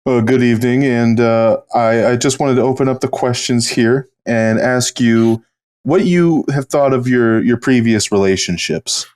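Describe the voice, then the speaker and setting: A man's voice: medium pitch, a little slow, darkish tone, clean tone. A man co-hosting a comedy podcast, wry and mock-serious in casual chat. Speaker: podcast co-host.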